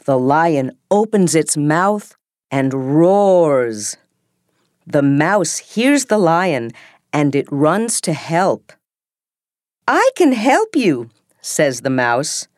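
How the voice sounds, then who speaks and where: A woman reads a simple story for language learners at a very slow pace. Her delivery is clear and deliberate, and her low voice rises and falls a great deal. The sound is close and dry. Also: expressive, darkish tone, dry recording. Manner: clear and deliberate, every phrase set apart. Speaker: reader of a graded story for English learners.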